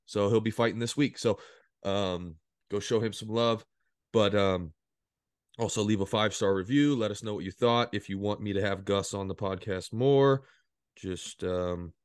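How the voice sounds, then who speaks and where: A man's voice: fairly low pitch, normal speed, clear, resonant tone, no echo, clean studio sound. A man hosting a podcast in casual chat, telling stories animatedly and mimicking people in a raised voice. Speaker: podcast host.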